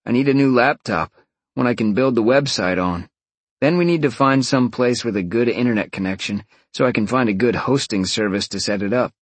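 A man's voice: mid-range voice, brisk, no echo, close to an everyday voice. Man voicing an easygoing young man.

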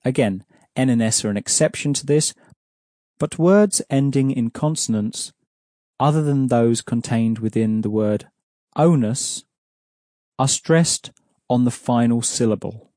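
Patient male language teacher, dark voice. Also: mid-range voice, unhurried, no echo, clean studio sound. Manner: patient, explanatory, asks prompting questions. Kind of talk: audio language lesson.

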